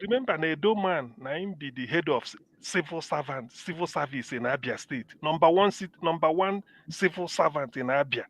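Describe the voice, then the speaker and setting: Animated Nigerian Pidgin-speaking man. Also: on the high side, a little fast, hardly any pauses, no room sound. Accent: Nigerian Pidgin English. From Anambra, Nigeria. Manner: animated, emphatic, repeats himself. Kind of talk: heated political chat.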